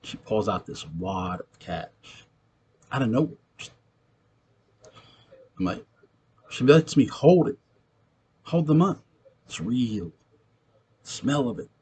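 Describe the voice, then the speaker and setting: A man's voice: on the low side, animated, takes it slowly, long pauses, darkish tone, breathy edge. A young man with a New York accent, playing an ex-convict who tells a streetwise, profane story of a ghostly encounter in a gritty manner. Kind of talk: acted monologue, recounting a tale.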